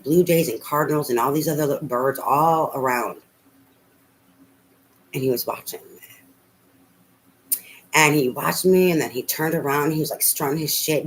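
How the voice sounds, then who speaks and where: A woman's voice: very deep voice, a little hiss or hum, low-quality recording. A middle-aged woman telling a rambling personal story as a tarot reader, full of fillers and casual swearing.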